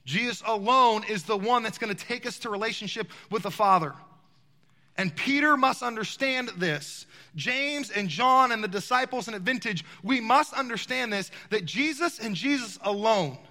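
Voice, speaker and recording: A high, bright male voice preaching, throwing questions out to his congregation. The hall behind him rings with a long reverb. His delivery is animated and direct. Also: moderate pace. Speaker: pastor. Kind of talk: sermon. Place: large church hall.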